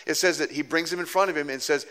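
Bright, lively storytelling pastor. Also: male voice, a little high, quick pace. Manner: animated, self-mocking storyteller who acts out quoted people. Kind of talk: storytelling sermon.

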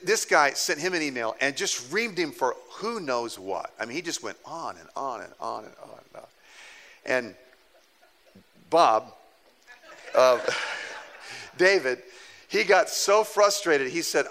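With a medium-pitched voice over a faint hiss or hum, a middle-aged pastor delivers a sermon built around a humorous story. He's animated and self-mocking, playing the parts of the people he quotes.

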